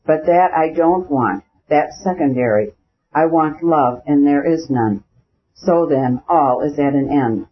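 A man's voice: fairly high pitch, a little slow, husky. A man reading an audiobook, voicing a proud, jealous young noblewoman who pleads and accuses bitterly, on a dull lo-fi recording. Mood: desperate.

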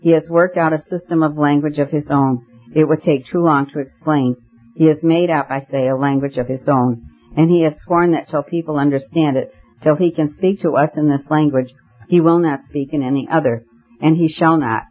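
A man voicing a stern, excitable gentleman who speaks in a grave, declamatory way, on a muffled recording. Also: on the high side, normal speed, natural voice. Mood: impassioned.

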